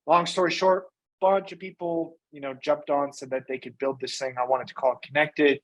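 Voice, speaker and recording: A man being interviewed as a guest, telling his business story in a casual, energetic way and often tagging on "right?" and "you know". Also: on the high side, normal speed, poor audio. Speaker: guest, company founder and CEO.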